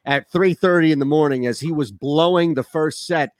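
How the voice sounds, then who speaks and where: A man co-hosting a sports radio show, telling long, animated stories in casual talk. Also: on the high side, normal speed, slight background noise. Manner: rambling, animated storyteller.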